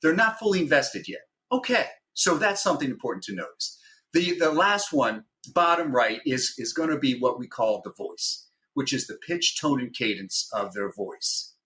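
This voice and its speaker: A former hostage negotiator, appearing as a guest on a podcast, explains a method step by step and keeps checking in with "right?". His mid-range voice is sharp, with big pitch swings and a normal speed.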